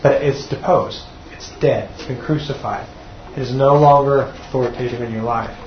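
In a dull, echoey room, a church class teacher delivers a sermon to a group in an earnest, steady tone at normal speed. His voice is medium-pitched, and he often repeats words as he restarts. Slight background noise can be heard.

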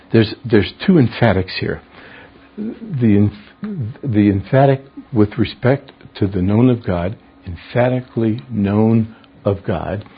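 In a dull lo-fi recording, a man with a husky mid-range voice teaches scripture one verse at a time. Along the way he defines words and quizzes his students.

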